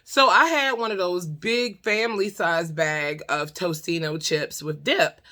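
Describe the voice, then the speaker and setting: A woman vlogger telling a comedic story in a casual, animated, exasperated way, swearing freely. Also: lowish voice, a little slow.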